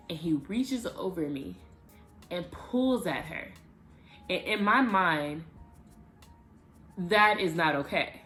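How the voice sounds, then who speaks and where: A woman vlogger telling a personal story to the camera in a casual, animated way, with emphatic bursts. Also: fairly low pitch, slow pace, long pauses, soft background music.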